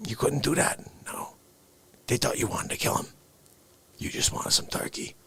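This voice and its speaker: A man hosting a livestream, riffing comedically and swinging between loud shouts and hushed whispers. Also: mid-range voice, fairly even intonation, normal speed, breathy edge. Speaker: livestream host. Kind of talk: rambling comedic riff.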